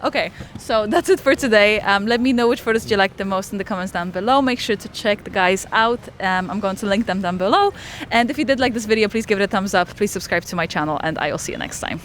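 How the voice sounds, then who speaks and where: A woman's voice: mid-range voice, fast, a bit bright, a little hiss or hum. A young woman photographer hosting a casual vlog outdoors, cooing at dogs and then talking to camera. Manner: gushing baby talk to dogs. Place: outdoors on city streets.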